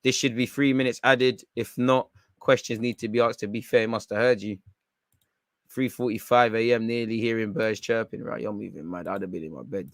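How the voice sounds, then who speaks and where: A man reacting live to a football match from home, bantering in slang and shouting when chances come. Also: on the low side, fairly even intonation, a little fast, dry recording, studio quality. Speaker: football watchalong streamer.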